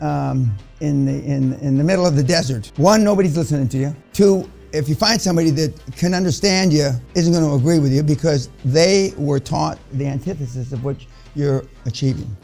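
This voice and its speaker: A man's voice: on the high side, creaky, mellow. An older man giving a blunt, profane motivational lecture to a seminar audience, rambling with many restarts. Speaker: seminar speaker.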